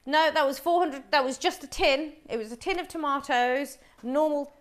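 A woman's voice: sits high, normal speed. Middle-aged woman host, cooking live on camera, friendly running explanation of each step. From Wolverhampton, England.

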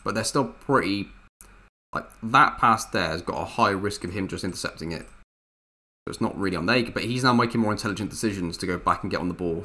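A man's voice: low voice, pushed and bright. A man giving frustrated, thinking-aloud commentary over a football management game, swearing now and then. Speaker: gaming youtuber. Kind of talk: gameplay commentary.

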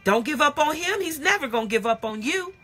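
A middle-aged woman preacher leading a live prayer and teaching stream, passionate and conversational, preaching in repeated refrains and shouting her points. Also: high voice, animated, brisk. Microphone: phone or webcam livestream.

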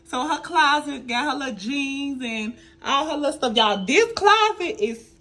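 A woman's voice: sits high, expressive, a little slow, bright, forceful tone. Chatty woman giving a home tour. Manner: chatty, keeps addressing viewers as y'all. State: tired and emotional. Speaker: vlogger. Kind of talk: casual home tour vlog. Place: new apartment and building common areas, indoors.

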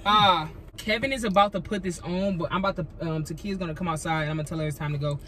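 A woman vlogger, chatting casually and loudly over music. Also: lowish voice, fast talker, a little hiss or hum. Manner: lively, slangy, loud hype intro. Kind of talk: casual prank vlog chat.

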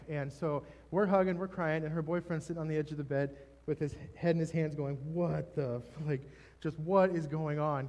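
A man preaching a sermon, telling a personal testimony in an emotional, halting way with many restarts. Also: a little high, a little mellow. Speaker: pastor. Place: church stage.

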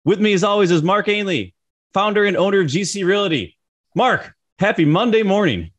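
A man in his thirties co-hosting a podcast, slightly hoarse, chatting in a relaxed way and often repeating words. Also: high voice, normal speed, dull audio. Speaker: podcast co-host. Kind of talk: casual podcast chat.

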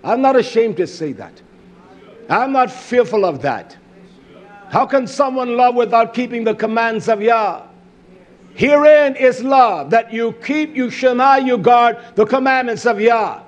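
A man preaching a fiery, confrontational sermon, swinging between loud shouts and hushed, drawn-out stresses and repeating key phrases. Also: extremely high pitch.

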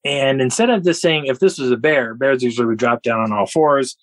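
A man guest on a podcast, telling a story in an animated way and laughing often. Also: mid-range voice, a little fast, no echo, rough recording. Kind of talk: storytelling an encounter.

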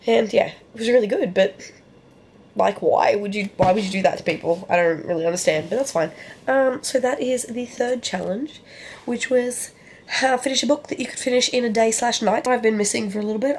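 A woman's voice: a little high, moderate pace, darkish tone. A woman with an Australian accent, chatting candidly in a casual book vlog while sick with a cold, repeating words for emphasis. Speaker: book vlogger. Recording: echoey room with faint background noise.

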